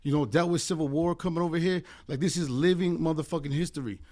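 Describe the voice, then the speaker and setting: Guest attorney, American man, higher register, passionate profane rant-style talk. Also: quick pace, warm tone. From United States. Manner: fervent, heavily profane, rambling with many fillers. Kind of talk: impassioned casual podcast chat.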